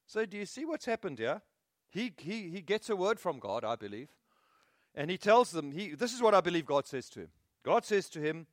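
A man preaching a sermon, telling the story with animated energy and frequent chuckles. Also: on the high side, normal speed, no room sound, clean studio sound.

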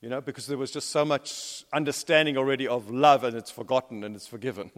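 A man delivers a sermon in a church hall whose long reverb trails after his words. He tells stories and swings between emphatic, rising peaks and low, hushed drops. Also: steady tone, fast talker. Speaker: preacher.

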